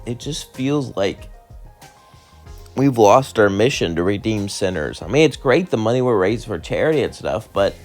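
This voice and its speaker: A man's voice: on the low side, expressive, normal speed, a little mellow, soft background music. A man voicing a skeptical, worried young woman in a cartoon fan story, doubtful and weary.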